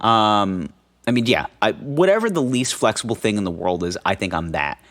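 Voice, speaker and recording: A man's voice: on the low side, big pitch swings, moderate pace, a bit bright. A young man co-hosting a podcast in casual, joking chat, swearing freely and telling stories with animation. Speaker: podcast co-host.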